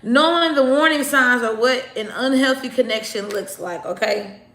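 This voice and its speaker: A woman's voice: on the high side, normal speed, fairly bright tone, reverberant. A woman doing a casual tarot reading, talking bluntly and chattily straight to her viewers, sometimes swearing. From United States. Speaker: tarot reader.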